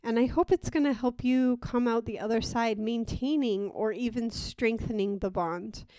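A woman's voice: a little high, normal speed, dark tone, dry recording. A woman hosting a solo podcast, earnest and casual, with a nasal, stuffed-up voice from a cold and frequent ums and restarts. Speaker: podcast host.

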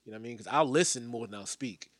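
A man's voice: medium pitch, very fast, fairly bright tone, no room sound. A man on a casual podcast who tells stories loosely, acts out quoted lines and keeps asking "you know what I mean". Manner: laid-back storyteller, acts out quotes, fillers. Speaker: music manager guest.

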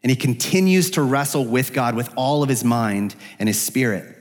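A man's voice: mid-range voice, expressive, moderate pace. A man preaching an expository sermon in a church, earnest and searching, lifting his voice when he speaks the prophet's prayers aloud. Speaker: pastor. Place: church sanctuary. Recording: long hall reverb.

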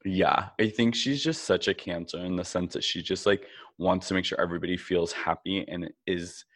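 Laid-back low-voiced man podcaster. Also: moderate pace. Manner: relaxed, laughs often, swears casually. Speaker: podcast co-host. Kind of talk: casual chat about reality TV.

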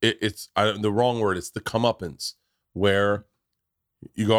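A middle-aged man hosting a podcast, telling stories in casual chat with a lot of swearing and animated delivery. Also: lowish voice, a little slow, no room sound, studio quality. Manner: profane, animated storyteller. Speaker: podcast host.

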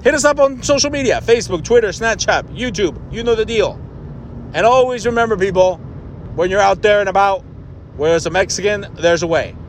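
A man with a high voice hosts a podcast and launches into a blunt, exasperated rant, swearing freely. His tone stays irritated and unfiltered throughout. A faint hum of noise sits behind him. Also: brisk. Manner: blunt, profane, exasperated ranting. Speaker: podcast host. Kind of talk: ranting podcast monologue.

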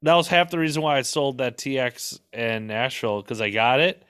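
A man's voice: medium pitch, moderate pace, a bit bright, smooth, no echo, studio quality. A man from the Midwest chatting casually on a podcast, laid-back, saying dude a lot with plenty of fillers. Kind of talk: casual chat.

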